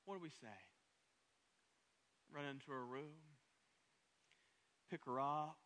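Thirties male pastor preaching emphatically, high voice that swells in passionate runs. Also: takes it slowly, long pauses, fairly bright tone. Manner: emphatic preacher, repeats words, builds to raised passionate runs. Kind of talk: sermon.

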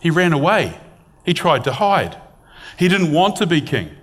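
A man's voice: fairly high pitch, big pitch swings, normal speed, husky. A middle-aged man preaching a sermon, retelling a scripture story in a conversational, storytelling way and reading passages aloud.

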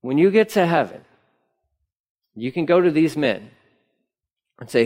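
A man's voice: a little high, sing-song, a little slow, long pauses, darkish tone. A man preaching a sermon in a church, talking conversationally with playful asides. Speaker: pastor. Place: church sanctuary.

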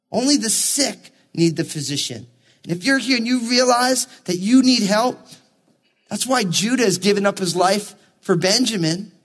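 A man's voice: sits high, a bit bright. A male pastor preaching a sermon, reading scripture and acting out the quoted lines with animation.

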